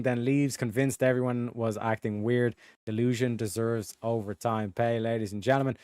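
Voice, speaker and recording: A man's voice: mid-range voice, clean tone, dry recording, clean studio sound. A man hosting a stream, reading out roast jokes and reacting in casual, profane commentary with bursts of laughter. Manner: profane, animated, laughs through roast lines. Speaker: streamer host.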